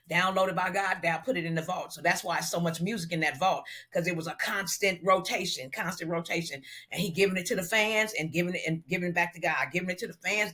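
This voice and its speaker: A middle-aged woman from Los Angeles, a hairstylist guest telling a story in an interview and acting out the dialogue as she goes. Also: fairly low pitch. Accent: Southern California African American Vernacular. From Los Angeles, USA. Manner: animated storyteller who acts out quoted dialogue.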